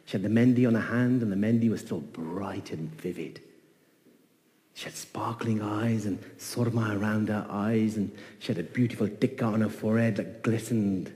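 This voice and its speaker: Mellow-voiced male storyteller. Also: fairly low pitch, in a large hall. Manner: animated, voices characters, repeats phrases. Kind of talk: oral folk-tale storytelling.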